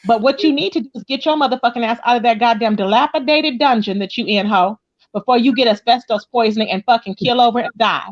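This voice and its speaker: A woman hosting a livestream in brash, profane gossip chat, her voice jumping up high when outraged. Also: fast, dull audio. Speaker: livestream host.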